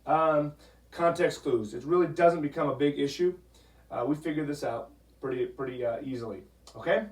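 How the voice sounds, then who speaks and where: A man teaching a Spanish grammar lesson, patient, repeating "okay?" often and sounding out words slowly. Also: on the high side. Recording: echoey room, voice from a distance.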